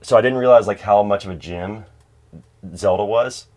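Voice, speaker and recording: A man's voice: lowish voice, normal speed, a little mellow. A man in his thirties, a game collector chatting casually at home, rambling with lots of fillers and restarts. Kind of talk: casual interview chat.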